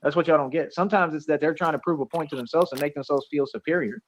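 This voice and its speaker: A man's voice: a little high, fast talker, a little hiss or hum, poor audio. A man ranting in a rambling, boastful, accusatory way on a livestream, repeating himself as he goes. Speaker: streamer being reviewed.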